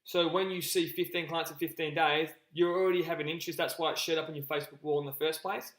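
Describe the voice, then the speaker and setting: A man coaching a group on a live call, energetic and repetitive, often calling his listeners guys. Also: on the high side, quick pace, reverberant, poor audio. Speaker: business coach.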